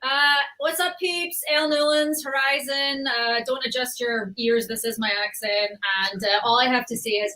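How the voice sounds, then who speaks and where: Jokey woman, high bright voice. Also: steady tone, normal speed, few pauses, far from the mic, low-quality recording. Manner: jokey, laughing. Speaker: voice actor. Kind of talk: casual livestream chat.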